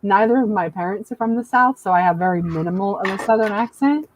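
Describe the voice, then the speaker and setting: A woman's voice: medium pitch, quick pace, a little hiss or hum. A woman raised in the American South, chatting casually and animatedly on a group video call. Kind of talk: casual group chat on a livestream.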